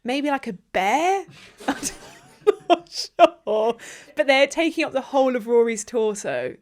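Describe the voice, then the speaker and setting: A woman co-hosting a podcast, telling a story in an animated, chatty way. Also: sits high, measured pace. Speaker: podcast co-host. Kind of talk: casual comedic chat.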